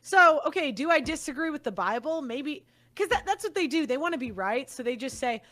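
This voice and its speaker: Young woman commentator, high bright voice, blunt and profane, angry monologue. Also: sing-song, fairly quick, few pauses.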